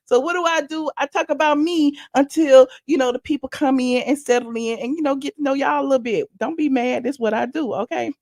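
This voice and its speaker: Woman, live-stream host, chatty and rambling, slight gravel, dry close sound. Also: high voice, fairly quick, few pauses, no echo. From Atlanta, USA. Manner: chatty, animated, rambling asides. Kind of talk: casual live-stream chat.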